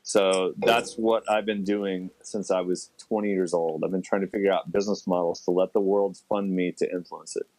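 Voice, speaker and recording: A middle-aged man with a lowish voice talks as a podcast guest, quick and animated, with sudden jumps up in pitch. The sound is dry and close. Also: dry recording, low-quality recording. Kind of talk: casual interview chat.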